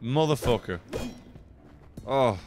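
A man streaming a video game, chatting and swearing excitedly, swinging from low mutters to sudden yelps. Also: slow. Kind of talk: casual gameplay commentary.

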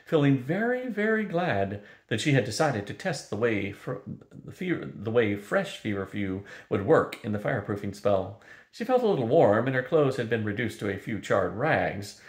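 An older man reading a fantasy novel aloud, steady and unhurried. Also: on the low side. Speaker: storyteller. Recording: roomy echo.

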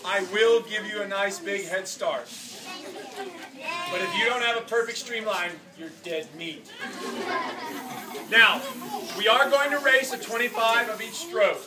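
A man in his forties giving an earnest, animated motivational talk to children as a swim clinic coach, dropping soft and then bursting loud, in a large indoor pool hall. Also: high-pitched, unhurried, long pauses, crowd noise. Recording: echoey, distant, noisy hall.

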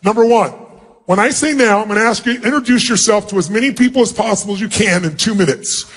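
A motivational speaker in a large auditorium leads a live seminar, commanding a big crowd and calling for their responses. His voice is high, fairly bright and slightly rough, and he acts out quick mock greetings.

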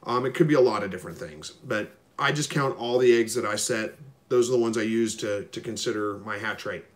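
A man hosting a live stream, reading viewer comments and answering them in a relaxed, rambling way with lots of ums. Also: fairly low pitch, a little fast. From Missouri. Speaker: livestream host answering viewer questions. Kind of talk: casual live chat, reading comments aloud.

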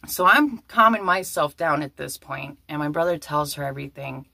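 A young adult woman telling a story to camera in a vlog, excitable and breathless, with many exclamations. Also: lowish voice, a little fast, gravelly, hardly any pauses, dry recording.

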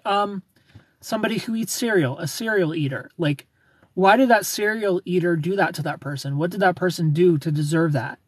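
Male streamer, slightly high, husky voice, tired, loose chatty delivery, dry sound. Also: a little fast, no room sound. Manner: rambling, reads and answers chat, thanks followers. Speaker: live streamer. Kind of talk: casual live-stream chat. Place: airport terminal.

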